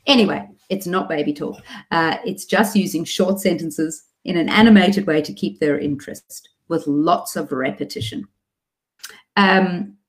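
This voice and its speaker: A middle-aged Australian speech therapist with a lowish voice gives parents a clear, practical talk, occasionally slipping into a demonstration voice.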